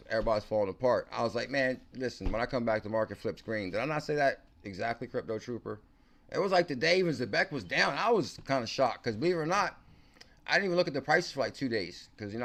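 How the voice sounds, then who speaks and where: Man, crypto stream host, excitable, slangy, mid-pitched voice. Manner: excitable, slangy, talks to viewers by name. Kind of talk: casual livestream commentary.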